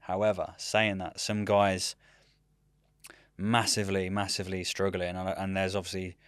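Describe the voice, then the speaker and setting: Lowish-voiced man telling stories. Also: moderate pace, dry recording, studio quality. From United Kingdom. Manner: rambling, animated, often says "mate". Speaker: guest, military veteran. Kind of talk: casual storytelling chat.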